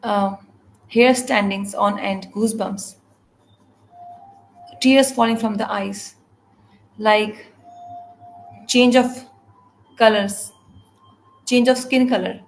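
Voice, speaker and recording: A woman interpreting a spiritual scripture class, speaking in halting phrases with restarts and repeated words. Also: mid-range voice, fairly even intonation, gravelly, soft background music, poor audio. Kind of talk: translating a devotional scripture class.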